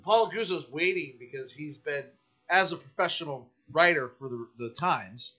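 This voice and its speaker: A man guesting on a podcast, telling a story in a casual, animated, profane rant. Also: fairly high pitch, moderate pace, dull audio.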